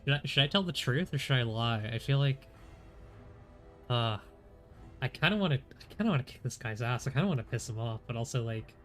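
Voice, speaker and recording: A man's voice: medium pitch, expressive, fairly quick, fairly bright tone. A man streaming a game, congested, chatting casually and joking at his own expense. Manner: chatty, self-deprecating. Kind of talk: casual gameplay commentary. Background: game music.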